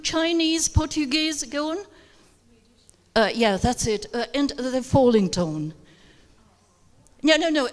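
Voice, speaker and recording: A woman's voice: fairly high pitch, a little mellow. A woman with as her leading a live workshop for teachers, hesitant with many fillers and coaxing participants to take turns. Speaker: teacher trainer. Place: conference room with audience. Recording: reverberant hall recording.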